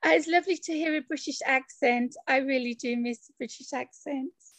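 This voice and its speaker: A woman's voice: high-pitched, normal speed, a bit bright, no room sound. A woman hosting a podcast, chatty and friendly, with plenty of filler words. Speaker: podcast host. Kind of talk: casual interview chat.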